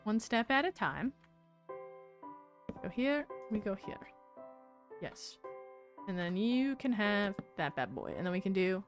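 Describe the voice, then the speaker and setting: A woman's voice: mid-range voice, sing-song, a little slow, long pauses, faint music behind. A woman streamer chatting to herself casually and animatedly while she plays a game live.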